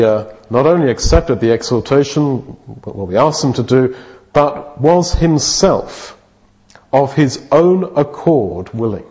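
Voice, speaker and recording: A man's voice: mid-range voice, darkish tone. A man preaching a sermon, earnest and thinking aloud, often restarting his phrases.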